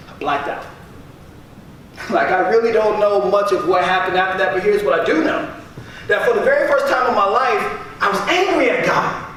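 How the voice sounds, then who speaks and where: A man's voice: high-pitched, lively intonation, normal speed, pauses often, a bit bright. A man giving a motivational speech to a live audience, emphatic and repeating key phrases for effect. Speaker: motivational speaker. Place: large echoey room with audience. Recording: very echoey, from far off, faint noise.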